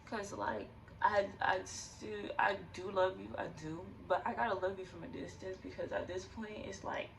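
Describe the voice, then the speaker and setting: Young adult woman, vlogger voice, gravelly and tearful, loose candid rambling, recorded from a distance with faint noise behind. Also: mid-range voice, level tone, moderate pace, hardly any pauses. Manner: rambling, fillers, nervous laughter. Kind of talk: candid personal vlog.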